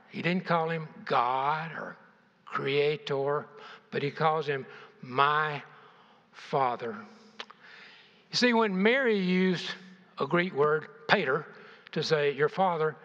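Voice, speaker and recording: An older man with a fairly high voice delivers a sermon, peppering it with rhetorical questions and shifting emphasis. The recording is muffled and carries a long hall reverb. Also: a bit bright. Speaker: preacher. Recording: dull, echoey church hall.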